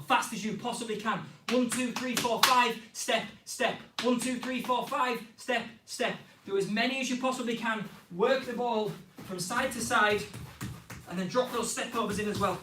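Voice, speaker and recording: A man coaching a live online football skills class. He is out of breath, counts reps out loud and cheers the players on. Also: high voice, roomy sound, distant mic, slight background noise, low-quality recording. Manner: energetic, counts reps aloud and cheers students on.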